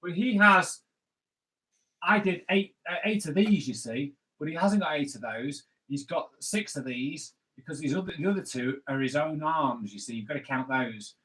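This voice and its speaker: High bright-voiced man drawing live. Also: animated, normal speed, low-quality recording. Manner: playful, chatty, jokes while drawing. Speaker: comics artist hosting a live drawing stream. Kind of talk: live draw-along chat.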